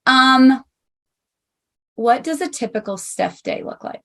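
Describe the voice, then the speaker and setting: A woman's voice: high-pitched, lively intonation, slow pace, creaky, fairly bright tone. A woman interviewer asking short, friendly questions.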